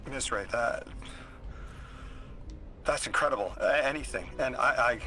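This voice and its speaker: An actor playing an earnest, grateful scholar who stammers with eagerness, in video game dialogue. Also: male voice, medium pitch, measured pace, pushed and bright, soft background music.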